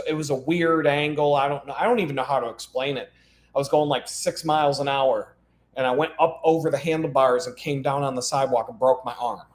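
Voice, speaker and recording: A middle-aged man hosting a live stream, telling long rambling stories that wander and double back, laughing at his own tales. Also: medium pitch. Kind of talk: rambling casual storytelling. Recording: echoey room.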